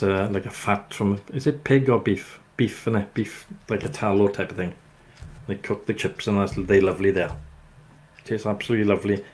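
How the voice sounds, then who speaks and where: An older man with a Welsh accent, hosting a casual chat and telling rambling, jokey stories. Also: fairly low pitch. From Wales. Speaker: host.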